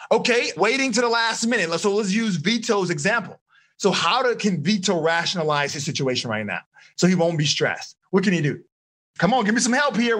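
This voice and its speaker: A man coaching teenagers on a video call, energetic and encouraging, quizzing his listeners as he teaches. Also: sits high, slightly rough. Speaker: life coach. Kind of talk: live online seminar for teens.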